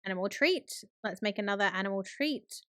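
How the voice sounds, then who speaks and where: A woman's voice: medium pitch, lively intonation, a little fast, bright, forceful tone, no echo, clean studio sound. A woman hosting a gaming channel, giving chatty, upbeat running commentary on her play. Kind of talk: let's play narration.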